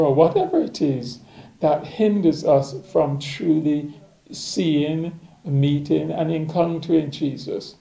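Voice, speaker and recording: A man giving a daily reflection, reading scripture aloud and then reflecting on it in a slow, measured way. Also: fairly high pitch, vocal fry, mellow, reverberant, low-quality recording.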